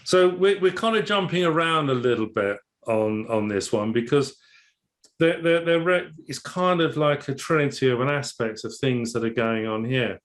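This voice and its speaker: A man's voice: mid-range voice, expressive, normal speed. Man musing over a tarot card. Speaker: tarot teacher. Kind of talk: casual explanatory discussion.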